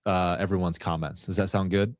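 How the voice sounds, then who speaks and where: A man hosting a casual podcast chat, relaxed and agreeable, with frequent fillers as he reads out comments. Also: low voice, brisk, dry recording. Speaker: show host.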